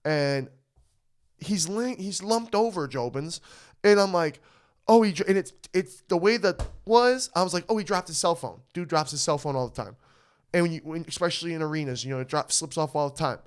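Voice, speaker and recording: A man co-hosting a podcast, telling a story in casual chat, animated and swearing, often asking "you know what I mean". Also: on the high side, brisk, clear, resonant tone. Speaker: podcast co-host.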